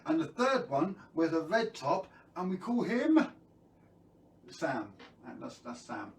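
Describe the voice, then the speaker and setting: A man's voice: on the high side, very animated, slow pace, creaky, reverberant, far from the mic, poor audio. A man telling a children's story on a live stream, playful and jokey, who keeps quizzing his viewers.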